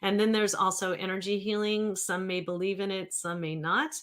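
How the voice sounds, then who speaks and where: A woman's voice: medium pitch, level tone, normal speed, fairly bright tone. A woman in her fifties, a therapist hosting a livestream, talking casually and rambling as she reads viewer comments aloud. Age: 50s.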